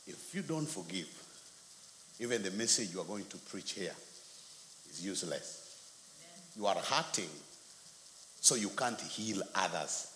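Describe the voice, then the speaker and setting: A grave, commanding voice of God, low and unhurried, handing down a stern lesson as a preacher acts it out. It sounds forceful and carries a long echo from a large hall. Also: male voice, lively intonation, full character voice. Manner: low, slow, solemn. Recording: echoey hall, faint noise.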